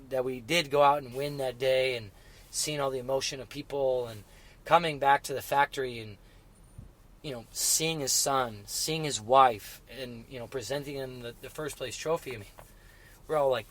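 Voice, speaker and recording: A middle-aged man telling racing stories in casual conversation, halting and full of restarts, growing emotional as he remembers. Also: mid-range voice, fairly bright tone. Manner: halting, many restarts and fillers, emotional when recalling. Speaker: guest. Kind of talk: casual interview chat.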